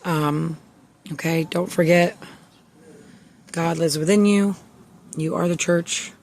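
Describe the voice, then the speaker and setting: A soft-spoken woman gives a casual spiritual tarot reading, reassuring and full of fillers. Her pitch stays fairly flat and even. A faint background hiss sits under the voice. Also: takes it slowly, vocal fry. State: emotional, near tears. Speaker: tarot reader.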